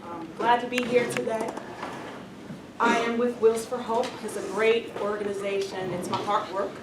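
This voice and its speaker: A woman from New York gives a friendly, chatty guest talk with slides at a meeting, with a self-deprecating touch. Her voice is on the high side, steady in tone at a normal speed. The recording is noisy, with an echoey room and a distant mic.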